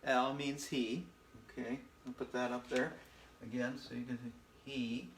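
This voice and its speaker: A man teaching a casual Spanish lesson from home, relaxed and repetitive, often checking in with "okay?". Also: mid-range voice, a little slow, roomy sound, a little hiss or hum. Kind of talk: casual recorded lesson at a board. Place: room at home.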